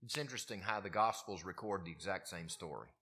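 A man preaching a sermon, his voice moving from quiet, low passages up to emphatic, raised peaks. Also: quick pace. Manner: wide swings in pitch and loudness, rising to emphatic peaks. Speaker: pastor.

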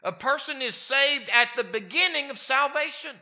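A man preaching a sermon, his voice moving from quiet, low passages up to emphatic, raised peaks. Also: animated, normal speed. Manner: wide swings in pitch and loudness, rising to emphatic peaks. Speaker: pastor.

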